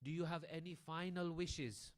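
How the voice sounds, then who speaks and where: Brief: preacher as a menacing tyrant, low and cold. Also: male voice, fairly even intonation, normal speed, close to an everyday voice. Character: cold cruel male governor.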